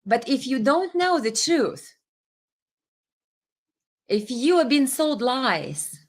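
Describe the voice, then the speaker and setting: A woman's voice: high voice, very animated, slow pace. A woman hosting a political commentary livestream, talking in an impassioned, indignant way with hesitations and restarts, and reading viewer comments aloud. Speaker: livestream host.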